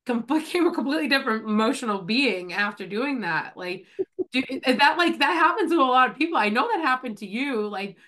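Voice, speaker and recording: Woman, podcast host, bright clear tone, fairly high voice, chatty, fillers, getting a cold. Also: lively intonation, a little fast. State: coming down with a cold. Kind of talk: casual chat.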